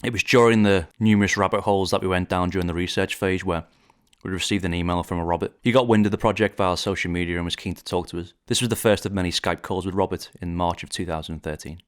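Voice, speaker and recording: A man in his forties from Liverpool tells his story as a podcast host, in a very low, deep voice. He speaks in a measured, reflective way, with a polished radio delivery he calls posh. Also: steady tone, clean tone. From Liverpool, England. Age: 40s. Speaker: documentary director and podcast host. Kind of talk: scripted podcast narration.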